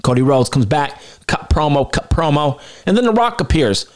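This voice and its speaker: A man hosting a podcast solo, giving animated, casual commentary with plenty of swearing and open self-confidence. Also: fairly high pitch, moderate pace, few pauses. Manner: animated, profane, self-assured. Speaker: podcast host.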